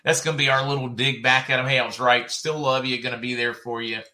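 A middle-aged man with a Southern US accent runs a relaxed livestream, reading viewer comments aloud at a quick pace. His voice is bright, forward and of ordinary pitch, and he's chatty, laughs often and jumps from topic to topic.

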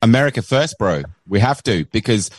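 An agitated Australian man venting as a caller on a political talk show. His voice sits low, and the sound is dry and close. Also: lively intonation, normal speed, breathy edge, no room sound.

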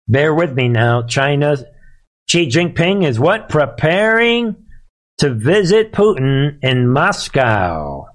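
A man hosting a live commentary show, talking in a sarcastic, emphatic way and often addressing listeners as "folks.". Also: fairly high pitch.

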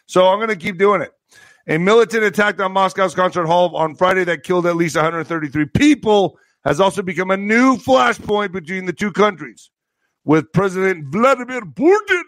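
A man's voice: sits high, moderate pace, fairly bright tone, dry recording. A man reading out news headlines in a casual stream, sarcastic and stumbling over words.

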